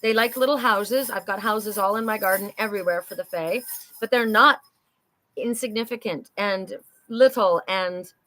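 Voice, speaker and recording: A woman's voice: medium pitch, bright, forceful tone. A middle-aged woman leads a live oracle reading. She talks in a chatty, upbeat way, cheering on her viewers. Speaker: oracle card reader and psychic host.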